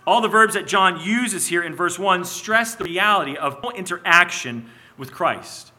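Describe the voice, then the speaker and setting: A man preaching an expository sermon, teaching in a measured way, slowing on key phrases and sometimes restarting his words. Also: high voice, lively intonation, bright, forceful tone. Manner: restarts and repeats words as he goes.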